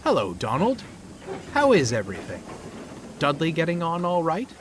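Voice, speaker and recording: A man voicing a kindly, steady male steam engine, in a noisy recording. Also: a little high, moderate pace, voice pushed up. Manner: warm, then stern. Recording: loud background noise.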